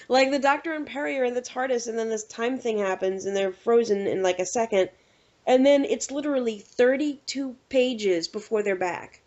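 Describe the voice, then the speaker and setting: A woman co-hosting a casual podcast, ranting with animated exasperation. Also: fairly high pitch, normal speed. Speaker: podcast co-host. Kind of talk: casual chat. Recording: dull lo-fi recording.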